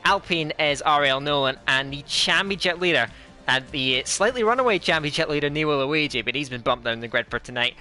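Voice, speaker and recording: A man with a put-on Scottish accent hosts the race broadcast, chatty and energetic, stumbling through restarts and fillers. His voice is bright and crisp, pitched a little high for a man. Faint music sits underneath. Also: fairly quick. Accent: fake Scottish. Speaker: sim racing commentator. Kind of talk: esports race commentary.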